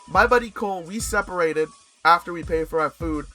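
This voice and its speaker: A young man from Canada telling a story casually in a rambling, animated way, full of fillers and restarts and casual swearing. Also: a little high, a little fast, faint music behind.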